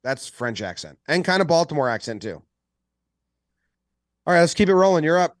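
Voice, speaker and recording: A man co-hosting a sports podcast, bantering in a joking, lively way and poking fun at accents. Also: a little high, normal speed, dry recording, clean studio sound. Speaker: podcast co-host.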